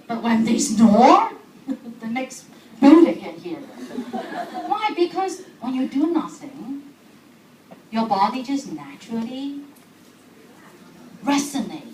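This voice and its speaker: Animated woman speaking in an echoey hall. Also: sits high, a little slow. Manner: animated, asks the audience questions, laughs often. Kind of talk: lively talk to an audience. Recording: echoey hall recorded from far off, background noise.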